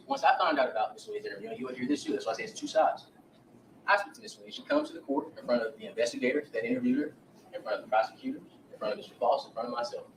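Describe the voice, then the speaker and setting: A man in a courtroom, delivering a defense attorney's opening statement. He talks quickly and with a lot of rise and fall, leaning hard on his points for the jurors. The sound is roomy and distant, with a faint hum of the hall behind him. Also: medium pitch, gravelly. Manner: emphatic, addresses jurors directly, retells witness accounts.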